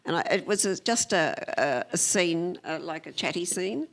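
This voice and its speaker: A woman's voice: on the low side, lively intonation, normal speed, gravelly, fairly bright tone. An older Australian woman, a film editor, chatting onstage in a rambling way full of fillers. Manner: chatty, trailing off with many fillers. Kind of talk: onstage conversation.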